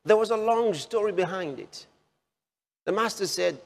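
A man's voice: sits high, animated, vocal fry. Emphatic male preacher in a reverberant hall. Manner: slow, emphatic repetition of phrases. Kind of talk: sermon.

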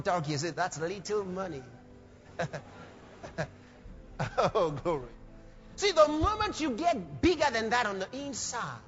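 A man's voice: high voice, fairly bright tone, muffled recording. A man preaching a sermon emphatically, repeating phrases and acting out the voices he quotes.

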